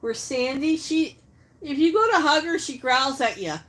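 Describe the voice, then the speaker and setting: Chatting through a casual cooking livestream, the host responds to viewers' comments as she cooks. She speaks at a moderate pace in a high, fairly bright, expressive voice.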